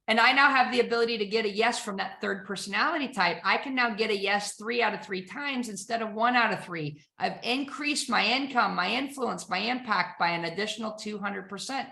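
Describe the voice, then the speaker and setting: A woman sales trainer presents with bright, emphatic energy and keeps throwing rhetorical questions at her listeners. Her voice rings out in an echoey room. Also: fairly high pitch, brisk, vocal fry, few pauses.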